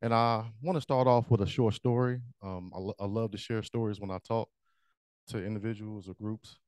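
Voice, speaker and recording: A man's voice: fairly low pitch, fairly even intonation, moderate pace, darkish tone, dry recording. Man telling a humorous story. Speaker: joke master at a speaking club meeting. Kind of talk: storytelling speech.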